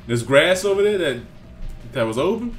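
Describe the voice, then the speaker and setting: A man's voice: fairly high pitch, very animated, takes it slowly, faint music behind. A young man casually commenting on his gameplay in a laid-back, slangy way. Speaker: let's play host.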